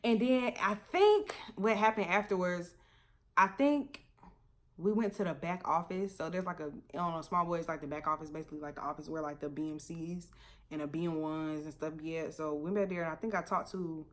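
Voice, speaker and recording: A young woman vlogger telling a story in a casual, animated way, laughing often and swearing freely. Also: fairly low pitch, fairly quick.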